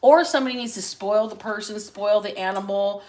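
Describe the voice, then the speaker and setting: A woman with an everyday middle-pitched voice hosts a tarot-reading livestream. She talks in a loose, chatty way into a webcam mic, blunt and quick to swear. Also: a little mellow, rough recording. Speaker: tarot reader and livestream host.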